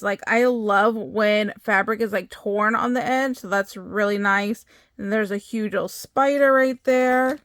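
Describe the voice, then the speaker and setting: Vlogger type, middle-aged woman, fairly high voice, gushing and excitable, dry close recording. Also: clear, resonant tone, dry recording. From United States. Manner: gushing, excitable, many exclamations. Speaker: crafting vlogger opening happy mail. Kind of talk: casual chat.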